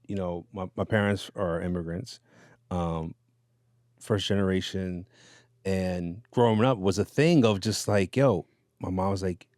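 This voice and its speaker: Low guy rambling thru radio stories, laid back, dry close sound. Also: unhurried, no echo. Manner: relaxed storytelling with fillers and laughs. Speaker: radio DJ guest. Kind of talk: casual interview chat.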